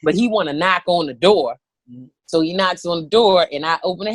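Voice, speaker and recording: A woman in her thirties, a comedian telling a story, animated and profane, acting out the voices of people in it. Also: lowish voice, fairly quick, no echo. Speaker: comedian guest. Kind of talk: comic storytelling.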